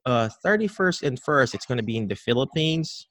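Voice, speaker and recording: A man being interviewed as a dementia care educator on a podcast call, animated and full of restarts, acting out how caregivers greet patients. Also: mid-range voice, normal speed, slight background noise.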